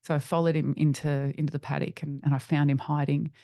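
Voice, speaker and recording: A middle-aged woman, a podcast guest, telling a personal story in an earnest, halting way with frequent restarts. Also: low voice, flat delivery, creaky, mellow, no room sound, studio quality.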